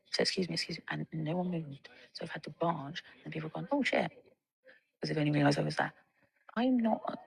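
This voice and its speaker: Gravelly woman, blunt storyteller. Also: deep voice, rough recording. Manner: rambling, blunt, swears freely. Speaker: vlogger. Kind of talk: candid storytime monologue.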